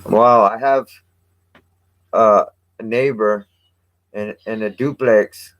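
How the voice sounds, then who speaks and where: A man's voice: on the low side, steady tone, slow pace, a bit bright, lo-fi sound, slight background noise. A man hosting a casual vlog, rambling and restarting his sentences and swearing casually as he talks. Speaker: vlog host.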